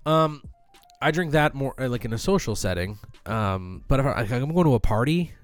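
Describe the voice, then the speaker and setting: A young man trading jokes on a podcast. His pitch leaps high and drops low as he gets excited, and he is loud and playful. The sound is close and dry, with no room around it. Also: moderate pace, no echo, faint music behind. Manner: loud, jokey, swings high when excited. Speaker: podcast co-host. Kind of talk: casual chat.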